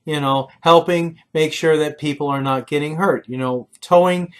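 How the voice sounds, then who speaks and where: A man's voice: on the high side, fairly even intonation, moderate pace, clear, resonant tone. A middle-aged man giving a short lecture on ethics, talking earnestly and telling personal stories, with frequent fillers and restarts. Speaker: leadership lecturer.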